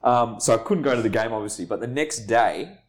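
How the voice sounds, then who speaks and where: A man hosting a podcast, telling a story in an animated way, swearing freely and acting out the other people in it. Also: mid-range voice, brisk. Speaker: podcast host. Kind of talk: casual storytelling chat.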